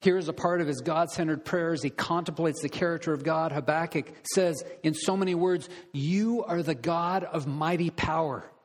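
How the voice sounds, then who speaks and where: A man preaching an earnest, deliberate sermon as pastor, putting direct questions to his listeners. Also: on the high side. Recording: long reverb of a large hall.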